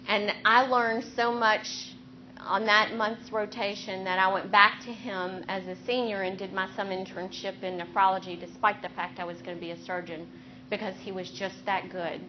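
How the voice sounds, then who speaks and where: A woman speaking as a neurosurgeon and clinical teacher in a faculty lecture, earnest and steady, drawing on her own stories. Her voice sits at a middle pitch for a woman. The recording is a little dull, with faint noise in the background. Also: normal speed. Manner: earnest, anecdotal, steady explaining tone.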